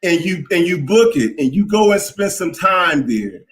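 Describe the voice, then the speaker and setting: A man's voice: high voice, very animated, moderate pace, poor audio. A man in his fifties calling into a live stream, talking earnestly and emotionally, often stammering and repeating words. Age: 50s. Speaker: caller.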